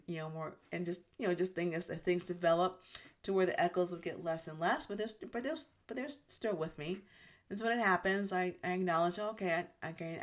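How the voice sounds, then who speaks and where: A woman hosting her own channel, talking in a gentle, reflective monologue about healing, with frequent restarts as she searches for words. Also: fairly low pitch. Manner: gentle, self-reassuring, many restarts. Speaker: YouTube channel host.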